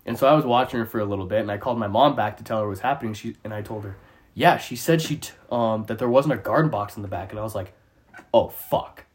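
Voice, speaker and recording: A man telling a long story in casual chat, animated and profane, often laughing as he goes. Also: lowish voice, racing. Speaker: storyteller on a podcast.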